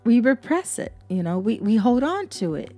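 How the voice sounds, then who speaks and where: A woman's voice: fairly high pitch, very animated, moderate pace, dark tone, faint music behind. A woman hosting a devotional podcast, reading Bible verses and preaching in an earnest, repetitive way. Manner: earnest, preacherly, repeats herself for emphasis. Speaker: podcast host.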